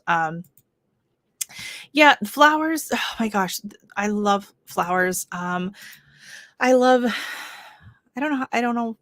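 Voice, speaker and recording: A woman's voice: mid-range voice, animated, measured pace, long pauses, a bit bright, no echo. A Canadian woman hosting a casual gardening livestream, rambling and chatty with lots of fillers. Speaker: gardening channel host.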